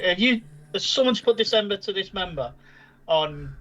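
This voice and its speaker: A man hosting a casual wrestling podcast, prone to excitable outbursts and calling his friends mate and lad. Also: high voice, normal speed. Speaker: podcast host. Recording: dull lo-fi sound.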